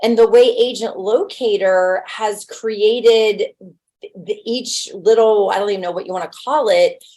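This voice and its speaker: A woman's voice: medium pitch, steady tone, a little slow, mellow. A woman who works as a real estate agent, giving a casual webinar talk in a blunt, conversational way and using homely everyday examples.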